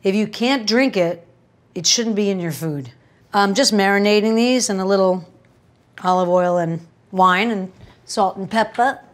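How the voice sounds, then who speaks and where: Speaking in a mid-range voice at an unhurried pace, a woman cooks at home for a casual demo. She keeps up wry chatter, with joking asides and stories while she works in the kitchen.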